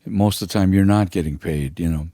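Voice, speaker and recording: An older man with a husky voice, telling a rambling, halting story full of fillers as a podcast guest. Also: deep voice, dark tone, no echo, studio quality. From United States. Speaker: guest musician. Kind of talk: casual storytelling.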